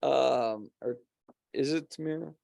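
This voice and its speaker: A man's voice: medium pitch, unhurried, creaky, a little mellow, no echo. A man telling a rambling story in casual podcast chat, swearing and laughing often. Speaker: podcast guest; co-host of a paranormal podcast.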